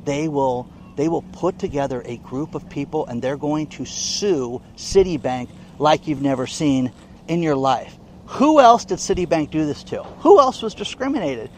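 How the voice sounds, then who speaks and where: A man's voice: fairly high pitch, animated, normal speed, slight background noise. A man giving casual, indignant news commentary in a vlog, often checking in with "okay?". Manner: indignant, emphatic, keeps asking "okay?". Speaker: online commentator.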